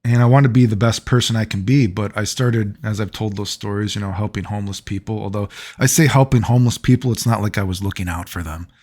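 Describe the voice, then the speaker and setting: A man's voice: lowish voice, steady tone, fast talker, hardly any pauses, a little mellow. A man vlogging, telling personal stories in a loose, rambling way, full of fillers and frequent laughter. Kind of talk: casual rambling storytelling.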